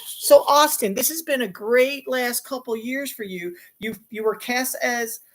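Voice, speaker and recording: A man's voice: very high-pitched, a little slow, fairly bright tone, voice pushed up. A man playing a chipper award-show interviewer.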